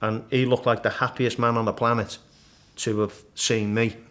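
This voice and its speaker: A middle-aged man, a guest in a casual interview, vividly retelling his climb and acting out the shouts and thoughts along the way. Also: mid-range voice, moderate pace. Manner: animated storyteller, acts out his own shouts and thoughts. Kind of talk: storytelling in casual conversation.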